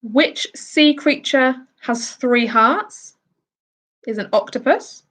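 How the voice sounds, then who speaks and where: A woman's voice: high-pitched, slow pace, fairly bright tone. A woman from the UK hosting a casual quiz, reading out each question and answer with chatty asides. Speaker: quiz host.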